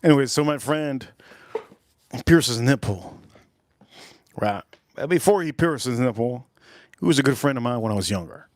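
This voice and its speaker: A man's voice: medium pitch, expressive, moderate pace, pauses often, no echo. A man hosting a live stream, telling rambling stories in loose, slangy casual chat. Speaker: livestream host, whiskey reviewer.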